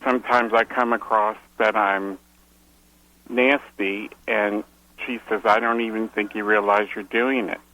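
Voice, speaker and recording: A man's voice: fairly low pitch, little pitch movement, a little slow, bright, forceful tone, rough recording. A man calling into an advice show, answering hesitantly with many ums. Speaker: caller. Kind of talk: call-in phone conversation.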